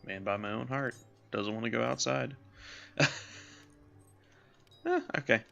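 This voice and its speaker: A man's voice: medium pitch, a little slow, gravelly, fairly bright tone, soft background music. A man casually commenting while playing a role-playing game, musing aloud with self-deprecating asides. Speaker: let's play host voicing characters. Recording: slightly dull lo-fi sound.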